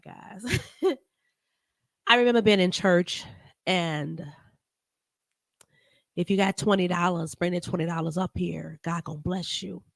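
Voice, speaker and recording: Gravelly, slow-talking woman show host. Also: medium pitch, dry recording, studio quality. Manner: emotional, earnest, talks to viewers by name. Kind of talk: casual live-stream commentary.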